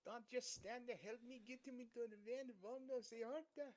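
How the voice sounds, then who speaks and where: A man's voice: very high voice, fairly even intonation, brisk, a little mellow, voice pushed up. A man voicing a caring, fierce young Latina woman who mixes Spanish words into her English, in a fan story read aloud. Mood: concerned.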